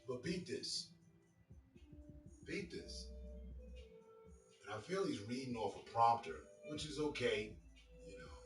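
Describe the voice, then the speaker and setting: A man's voice: medium pitch, big pitch swings, slow pace, long pauses. Man giving a casual reaction commentary. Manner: conversational, repeats phrases to pick them apart. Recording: roomy, distant mic, music behind.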